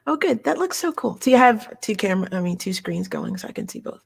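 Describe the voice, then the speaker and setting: A woman hosting a casual interview, telling stories in an animated, expressive way. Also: mid-range voice, fast talker, gravelly, hardly any pauses, breathy edge. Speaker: show host.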